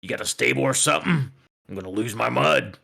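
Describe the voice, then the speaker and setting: A man voicing a drunk, obnoxious male centaur with a gravelly voice in a tabletop game. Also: mid-range voice, animated, fast, pushed and bright, heavily acted. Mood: belligerent.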